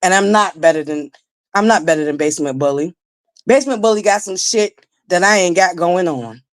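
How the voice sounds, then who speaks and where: A woman in her forties with a naturally raspy voice, hosting a casual live-stream commentary, blunt and profane, talking straight to her viewers. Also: fairly low pitch, a little fast. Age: 40s. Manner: blunt, profane, emphatic, addresses viewers directly. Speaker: livestream commentary host.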